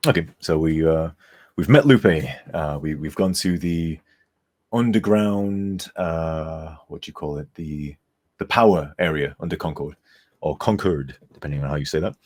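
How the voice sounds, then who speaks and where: A man's voice: very deep voice, normal speed, darkish tone. A tired man streaming as a game modder, rambling and chuckling as he reads chat aloud, sometimes turned away from his desk mic. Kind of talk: casual live-stream chat.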